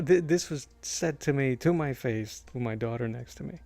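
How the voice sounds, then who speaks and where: Gravelly-voiced man chatting casually. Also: medium pitch, a little fast, few pauses. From Massachusetts, USA. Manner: rambling, storytelling with restarts and chuckles. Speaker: comic artist vlogger. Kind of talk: casual chat while drawing. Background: soft background music.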